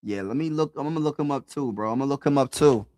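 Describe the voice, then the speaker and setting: Guy streaming to his chat, aave slang, keeps repeating himself, mid pitch, dry close sound. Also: fast, darkish tone, dry recording. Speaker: sports streamer. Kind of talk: live-stream mock draft chat.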